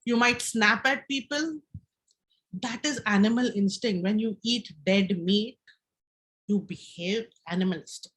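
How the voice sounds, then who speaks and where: A woman with a slightly raised pitch leads a live health workshop. She explains in plain, instructive terms and turns to the room to guide the audience through a breathing exercise, checking in with them as she goes. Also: measured pace, a bit bright. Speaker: health session speaker.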